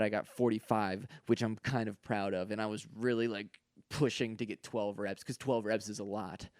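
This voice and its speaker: A man's voice: on the low side, dry recording, clean studio sound. A young man hosting his own podcast, talking through his thoughts in a rambling, self-reflective monologue full of stammered restarts. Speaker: podcast host, comedian. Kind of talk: confessional solo podcast monologue.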